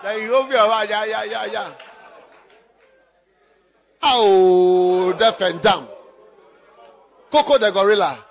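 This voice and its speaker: A man preaching a sermon as pastor, teasing his listeners with repeated lines and breaking into shouts and laughter. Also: high-pitched, slow, pauses often, some chatter behind.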